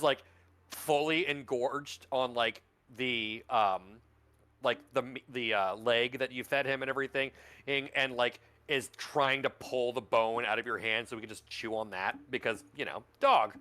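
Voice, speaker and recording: A man's voice: medium pitch, normal speed, pushed and bright, no echo. A man narrating a tabletop role-playing game as game master, rambling and full of fillers. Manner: rambling, filler-heavy, lots of "like".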